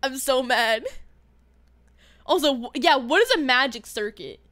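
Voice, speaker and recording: A woman streamer chatting casually through a gaming livestream, excitable, with dramatic playful outbursts. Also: high-pitched, measured pace. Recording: stream audio with music playing underneath. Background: background music.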